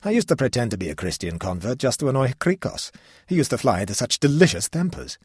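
A man's voice: medium pitch, big pitch swings, fast talker, slightly rough, no echo, clean studio sound, pitched above the performer's own voice. A man voicing a petulant, hot-tempered young pagan king who talks in an indignant, haughty, sulky way.

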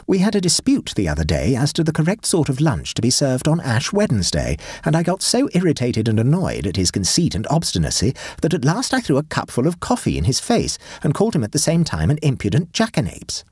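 A man's voice: medium pitch, huge pitch swings, a little fast, few pauses, a little mellow, husky, no echo, clean studio sound, pitched above the performer's own voice. A man reading as an anxious, elderly clergyman, in a rambling, fretful letter voice.

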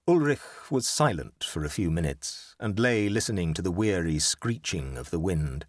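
A man reads a story aloud in a measured, low voice, letting his pitch rise and fall a great deal. The sound is dry and close to the mic. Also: expressive, no echo. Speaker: narrator. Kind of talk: scripted narration.

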